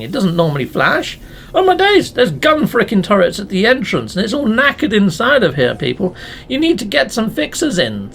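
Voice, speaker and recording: A playful man commenting on his game, high-pitched and bouncy with a lively melody. His voice is gravelly and a touch husky, and he chats away to his viewers with mild swearing. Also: slight background noise. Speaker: let's play gamer.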